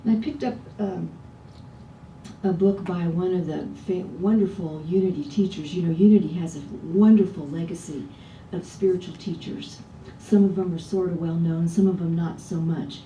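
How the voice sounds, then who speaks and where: A woman minister gives a relaxed, conversational sermon and often turns to the congregation with rhetorical questions. Her voice is mellow and warm. It is picked up from some distance in an echoey church, with a faint low rumble underneath. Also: normal speed. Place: church sanctuary.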